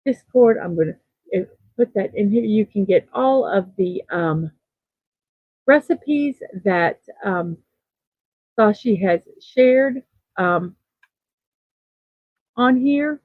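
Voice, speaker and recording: A woman with a medium-pitched, animated voice talks slowly with long pauses, without echo. She hosts a daily morning livestream, chatting casually, reading out viewer comments, upbeat and full of fillers. The recording is dry and tinny, like a phone.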